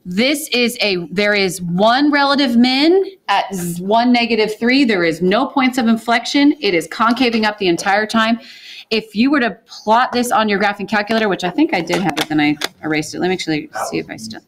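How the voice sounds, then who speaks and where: Brisk woman teaching a math class. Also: mid-range voice. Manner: brisk, asks the class questions and answers them. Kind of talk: classroom lecture with questions to students.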